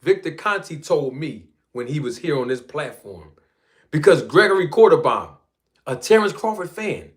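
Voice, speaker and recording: An American man hosting a boxing talk live stream, teasing the audience with loud hype and then dropping into a soft crooning tone. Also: on the high side, animated, normal speed. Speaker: boxing talk show host. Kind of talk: live-stream commentary and shout-outs.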